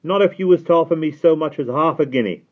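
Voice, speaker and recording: A man playing a rough, greedy male gatekeeper who growls and sneers in loud slang. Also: a little high, fast talker, pitched above the performer's own voice, natural voice. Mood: sneering. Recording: tinny phone-like sound.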